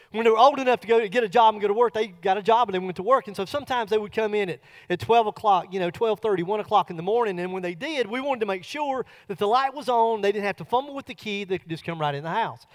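A middle-aged man preaching a sermon, telling a folksy personal story that builds to loud bursts. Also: high-pitched.

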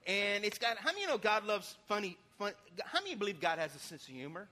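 A man preaching a sermon in church, lively and folksy, with sudden loud bursts and casual asides. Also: high voice, fast. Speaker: pastor.

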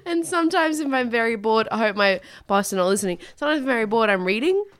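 A woman's voice: on the high side, quick pace, clean tone. A young woman, chatting casually and telling funny stories with lots of laughter. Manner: animated storyteller, laughs often. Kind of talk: casual chat.

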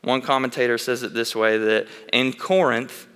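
A man delivers a sermon with a bright, forceful voice, mid-range in pitch. He talks in an earnest, candid way and restarts his phrases as he tells personal stories. His words ring out with the long reverb of a large church hall. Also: steady tone, normal speed, hardly any pauses, clear, resonant tone. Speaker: preacher.

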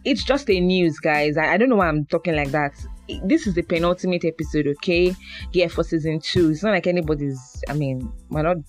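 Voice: mid-range voice, fairly quick, faint music behind. A podcast host with a Nigerian accent talking to listeners in a chatty, playful monologue, often repeating words for emphasis. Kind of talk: casual monologue.

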